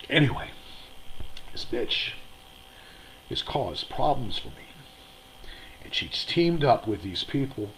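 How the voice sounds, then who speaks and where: A man's voice: lowish voice, vocal fry, a bit bright, slight background noise, rough recording. A man hosting his own online show, ranting in a rambling, aggrieved way and repeating himself. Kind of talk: angry livestream monologue. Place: motel room.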